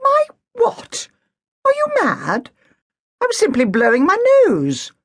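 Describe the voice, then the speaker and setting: A woman's voice: sits high, wildly swooping pitch, takes it slowly, breathy edge, dry recording, clean studio sound, voice pushed up, full character voice. A woman narrating an audiobook, voicing an impatient, posh middle-aged woman who speaks sharply and imperiously. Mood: outraged. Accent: posh English.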